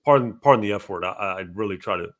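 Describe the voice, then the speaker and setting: A man's voice: lowish voice, very fast. A man guesting on a casual podcast chat. He talks animatedly, swears and then apologizes for it.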